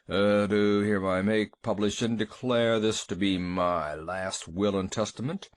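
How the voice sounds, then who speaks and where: A man voicing a domineering, very old family patriarch in an audiobook, speaking in a deep, portentous monotone. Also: no echo. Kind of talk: audiobook character voice.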